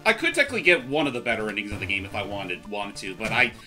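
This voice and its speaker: A man hosting a casual let's-play, excitable and given to playful chants. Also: lowish voice, fast, faint music behind. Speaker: game player and channel host.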